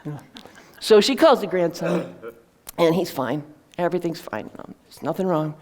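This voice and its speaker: A woman's voice: on the low side, lively intonation, normal speed, a little mellow. Woman author telling an earnest story. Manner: earnest, with many fillers and restarts. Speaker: author presenting her book. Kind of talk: conversational storytelling talk.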